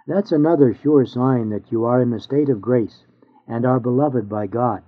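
A man's voice: medium pitch, normal speed. Man reading a sermon, tinny sound. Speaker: reader of a sermon. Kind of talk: reading an old sermon aloud.

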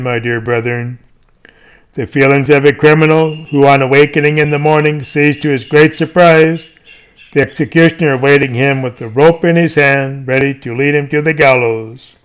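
A man reading a sermon aloud in a solemn, declamatory way, with slow, emphatic calls. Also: medium pitch, clear, resonant tone. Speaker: preacher.

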